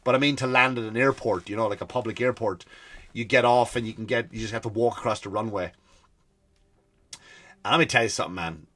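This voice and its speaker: A man's voice: mid-range voice, brisk. Irish guy ranting comedy podcast style, swears a lot, does little voices for people in his story. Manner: animated storytelling, acts out quoted people, swears freely. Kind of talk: comic rant.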